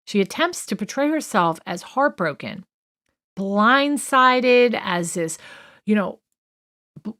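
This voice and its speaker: A woman's voice: medium pitch, animated, slow pace, pauses often, fairly bright tone. A woman co-hosting a true crime podcast, talking through a list in a chatty, opinionated way with many fillers and asides. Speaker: podcast co-host.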